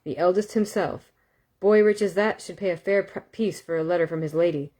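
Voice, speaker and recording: A woman's voice: lowish voice, fairly quick, warm tone, lightly acted. A woman voicing a sly young man in disguise, talking in a persuasive, wheedling patter in a storybook reading.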